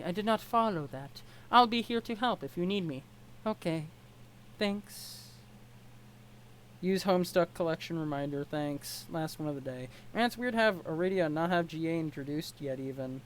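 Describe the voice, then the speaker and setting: A woman's voice: deep voice, a little hiss or hum, rough recording. A woman doing a casual read-along of a web comic, chatty and rambling with self-corrections.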